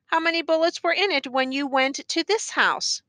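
A woman reading the part of a grave male judge who questions the accused in a stern, measured way. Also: sits high, bright, forceful tone, no room sound, pitched above the performer's own voice.

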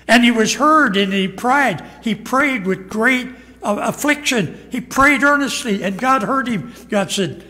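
A man's voice: very high-pitched, lively intonation, a little slow, pushed and bright, big-room sound. A man preaching a sermon as pastor, emphatic and acting out quoted lines. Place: church sanctuary.

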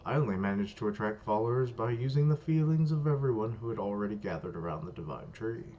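A man's voice: lowish voice, expressive, fast, dark tone, lightly acted. A man voicing a smug, scheming male spirit, reading comic dialogue aloud in a coaxing, persuasive way. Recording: dull lo-fi, faint hiss.

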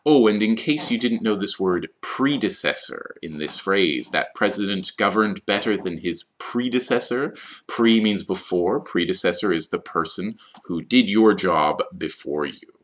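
Low-voiced guy explaining vocab slowly for esl learners, goes over words again. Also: lively intonation. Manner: slow, explanatory, repeats key words. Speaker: ESL teacher. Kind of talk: vocabulary lesson.

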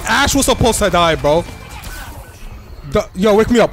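A young man giving excitable, trash-talking commentary while playing a shooter game, repeating himself as he plays. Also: sits high, normal speed, faint music behind. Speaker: gaming streamer. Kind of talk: live gameplay commentary.

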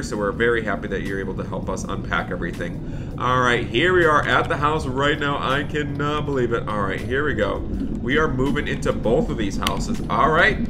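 A man's voice: mid-range voice, background noise. A man doing chatty Roblox roleplay commentary, talking to viewers and his in-game son, with dramatic bursts of dismay.

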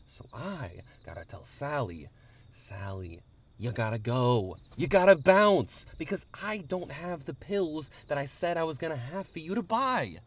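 A man's voice: fairly high pitch, animated, measured pace. A man doing a paranoid dealer, fake New York accent. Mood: irritated. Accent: put-on New York. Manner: bossy, profane, paranoid. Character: paranoid young male dealer with a fake Long Island accent. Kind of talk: comedy sketch acting.

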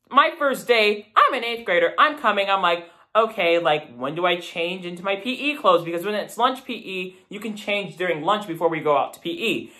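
A young man chatting to camera in a casual vlog, animated and self-deprecating. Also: high-pitched. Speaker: YouTuber.

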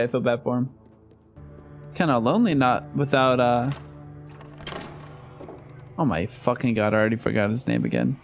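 A young man commenting live on a horror game he is playing, swearing often and reacting in sudden outbursts. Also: mid-range voice. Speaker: streamer.

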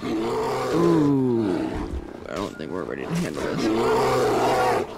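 A man's voice: mid-range voice, big pitch swings, extremely slow, vocal fry, heavy background noise. Chatty man narrating gameplay. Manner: jokey, chatty, talks to the game characters. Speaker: gamer playing through a game. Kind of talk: let's play commentary. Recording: game music playing underneath. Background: game music.

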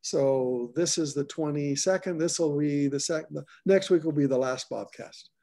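Mellow-voiced man hosting a group call. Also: a little high, normal speed. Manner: loose and repetitive, restarts phrases. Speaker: host of a call-in show.

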